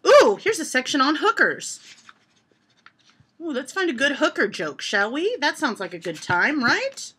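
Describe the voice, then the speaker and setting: A woman's voice: high-pitched, very animated, unhurried. A woman vlogging from home, reading joke lists aloud to her camera and laughing at the punchlines. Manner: reads jokes aloud and reacts with loud laughter. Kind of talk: casual joke-reading vlog.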